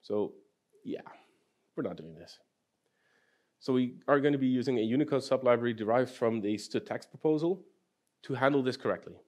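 A man presenting at a programming conference, talking at a middle pitch. His delivery is loose and conversational, with rhetorical questions to the crowd and wry asides. He sounds like a speaker thinking out loud on stage. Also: a little fast. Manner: dry, self-deprecating humor, asks audience questions. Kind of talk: technical conference talk. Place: conference hall.

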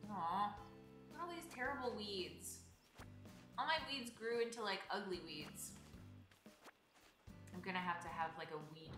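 Bubbly woman streamer, bright lively voice. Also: medium pitch, measured pace, long pauses, roomy sound. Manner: bubbly, greets chat viewers by name. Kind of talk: casual live-stream chat while playing. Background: game music.

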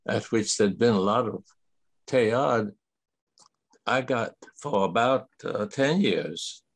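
An older man with a low, gravelly and husky voice speaks in slow, reflective remarks. He stammers and restarts now and then. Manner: halting, with small stammers and restarts. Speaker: guest theologian. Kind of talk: reflective remarks in an online talk.

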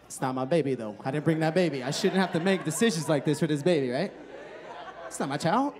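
A man's voice: fairly high pitch, animated, quick pace. A man in his thirties doing a stand-up comedy set on a club stage into a handheld mic, loose and profane, chatting with the crowd and laughing at his own jokes. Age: 30s. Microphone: handheld microphone.

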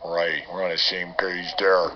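A man's voice: low voice, little pitch movement, measured pace, pitched below the performer's own voice. A man voicing a giggly male llama who snorts as he chats with a caller on a kids' radio show. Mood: friendly. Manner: giggling, friendly phone chat. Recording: muffled radio broadcast with noise.

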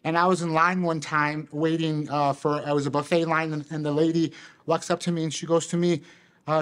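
A man's voice: on the high side, steady tone, fairly quick, fairly bright tone. A man telling a personal anecdote, acting out the people in it, with some stammered restarts.

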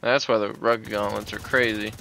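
A man giving casual gameplay commentary, excitable and swearing often, with sudden loud outbursts. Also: lowish voice, moderate pace, gravelly, slight background noise, poor audio. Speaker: gameplay streamer.

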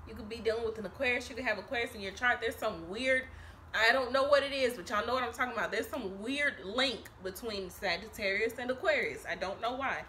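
A woman's voice: on the high side, fairly quick, pushed and bright, a little hiss or hum. A woman giving a casual tarot reading to camera, chatty and profane, laughing often and tagging her lines with "okay?". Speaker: tarot reader. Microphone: camera mic.

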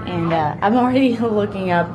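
A woman's voice: medium pitch, moderate pace, dull audio. Mom chatting into her camera on a family trip, laughs a lot, medium voice, noisy outdoor audio. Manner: chatty, laughs often, talks to her toddler. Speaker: family vlogger, mother. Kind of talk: casual vlog chatter to camera. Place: lakeside rental then small beach, outdoors and indoors.

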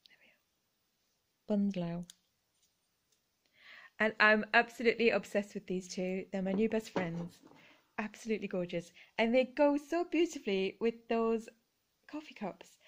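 A woman's voice: a little high, normal speed. A middle-aged woman chatting casually as she shows off her thrift haul, gushing over each find and apologizing for her pronunciation. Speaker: vlogger.

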